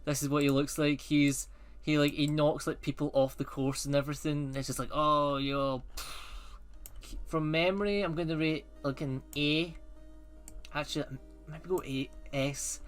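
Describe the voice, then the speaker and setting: A man ranking films in a rambling, excitable and sarcastic casual chat. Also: fairly high pitch, moderate pace, faint music behind.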